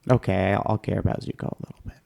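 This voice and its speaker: A man's voice: on the low side, steady tone, rapid-fire, creaky, a little mellow. Playful joking man, casual podcast chat. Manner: playful, dramatic, jokey. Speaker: podcast co-host.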